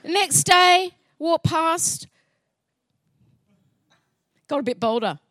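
A woman sharing a faith testimony as an animated story, acting out dialogue and laughing often. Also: very high voice, slow, no echo, clean studio sound.

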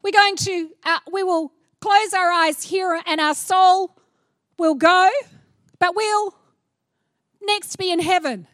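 A middle-aged woman preaching a sermon, animated and playful, acting out little scenes as she goes. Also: very high voice, takes it slowly, pauses often, dry recording, studio quality.

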